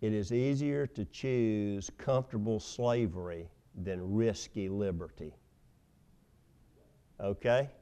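A man preaching a sermon, telling stories with loud emphasis and hushed asides. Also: lowish voice, slow, clean tone. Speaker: pastor.

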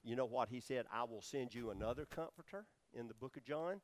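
A preacher teaches a Bible study sermon in a brisk, mid-range voice, explaining words and putting questions to his listeners. He uses many fillers along the way. Heavy background noise runs under the recording.

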